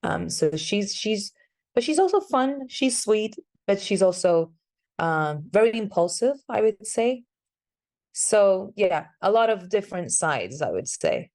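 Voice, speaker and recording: A woman's voice: mid-range voice, sing-song, unhurried, darkish tone. A woman, an actress chatting in an interview, searching for words as she talks. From Sweden. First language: Swedish. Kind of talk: casual interview answers.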